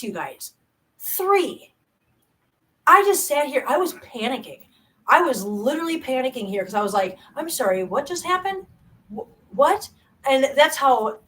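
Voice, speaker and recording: In a low-quality recording, a woman in her 40s with a voice on the high side hosts her channel's livestream, casually chatting and reading viewer comments. She rambles in quick, animated bursts and often pokes fun at herself.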